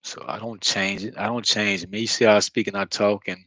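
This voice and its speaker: A man giving a rambling, earnest spiritual monologue, halting with many fillers and heavy sighs, blunt and sometimes swearing. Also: fairly low pitch, steady tone, sharp tone, dry recording, poor audio. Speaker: spiritual vlogger.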